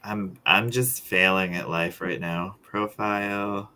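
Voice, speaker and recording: A man's voice: on the low side, fairly even intonation, slow pace, pushed and bright, smooth. A man, the guest artist, chatting on a video call and acting out quoted reactions as he tells a story. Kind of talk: casual video call chat.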